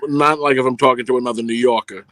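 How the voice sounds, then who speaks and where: A man with a New York accent, a film producer guest on a video call, speaking in a measured way with many pauses and uh's. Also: mid-range voice, fairly even intonation, fairly bright tone, no echo. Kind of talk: casual interview chat.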